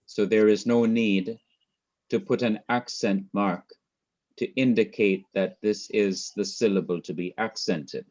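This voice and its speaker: A man's voice: lowish voice, fairly even intonation, measured pace, a little mellow, muffled recording. A man teaching a class, explaining step by step, repeating his points and quizzing a student. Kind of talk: class lecture.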